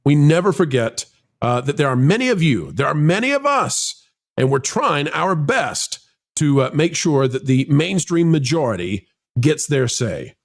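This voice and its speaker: A man's voice: fairly high pitch, measured pace. A man hosting a casual entertainment news podcast, joking with guests and reading headlines aloud. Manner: animated, jokey, reads headlines aloud. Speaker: podcast host.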